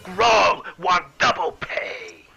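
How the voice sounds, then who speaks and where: A man voicing a gruff, deep-throated, boastful male goblin boss who yells in broken speech. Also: drawn-out words, full character voice. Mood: boastful yelling.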